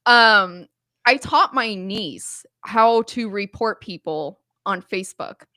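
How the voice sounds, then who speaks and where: A woman's voice: mid-range voice, takes it slowly, no room sound, studio quality. A woman guest who works in cybersecurity, chatting casually on a podcast and telling stories with frequent laughter. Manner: lively storyteller, laughs often.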